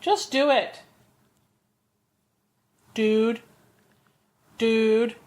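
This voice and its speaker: A woman's voice: a little high, steady tone, extremely slow, darkish tone. Sassy tired woman, podcast co-host. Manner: sassy, playful. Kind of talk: casual chat.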